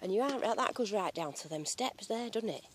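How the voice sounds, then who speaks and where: A woman's voice: mid-range voice, animated, brisk, slight background noise. Chatty English woman with slang. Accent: regional English. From England. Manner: chatty, jokey, lots of slang. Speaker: metal detecting vlogger. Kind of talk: casual outdoor vlog narration. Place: outdoors in a field.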